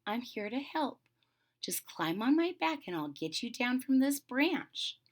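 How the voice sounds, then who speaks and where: Woman doing a gentle, modest puppy girl. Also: fairly high pitch, sing-song, unhurried, full character voice. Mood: soothing. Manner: soft-spoken, modest. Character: gentle modest young female puppy hero.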